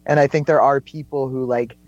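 A man in a casual chat who speaks at a middle pitch and thinks things through aloud. He often checks in with "right?". The sound is dry and a little dull. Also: fairly even intonation, fairly quick, no echo. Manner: thoughtful, reflective, asks "right?".

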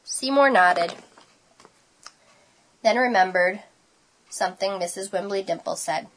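A woman reading a picture book aloud, expressive and unhurried, adding her own asides. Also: mid-range voice. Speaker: storybook reader.

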